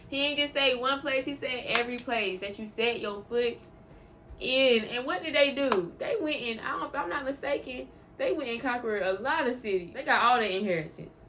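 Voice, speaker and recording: A woman with a slightly high, somewhat bright voice speaks at a normal pace over slight background noise. She's a vlogger chatting casually about faith, heartfelt and openly emotional, rambling and repeating words for emphasis.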